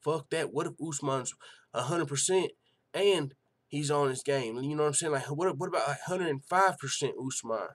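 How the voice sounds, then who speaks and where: A man with a voice on the high side hosts a casual live stream at a moderate pace, reading out chat. His talk is excitable, profane, and full of rhetorical questions.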